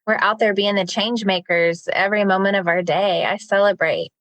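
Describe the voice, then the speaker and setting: A woman's voice: mid-range voice, moderate pace, fairly bright tone, dry recording. A woman hosting a spiritual wellness podcast, talking in a gushing, affirming way. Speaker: podcast host.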